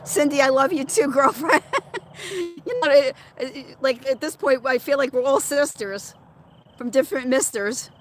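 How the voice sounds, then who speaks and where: A high-pitched woman's voice at normal speed, with a little background noise. She's a middle-aged livestream host reading viewer chat, chatting casually and laughing as she responds to commenters by name.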